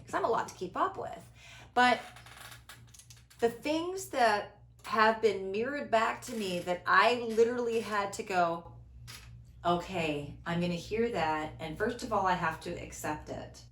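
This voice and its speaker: A woman in her fifties who talks in a reflective, conversational way as a podcast host, acting out quoted voices and moving between loud and hushed tones. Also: mid-range voice. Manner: expressive, theatrical, quick shifts between loud and hushed. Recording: echoey room.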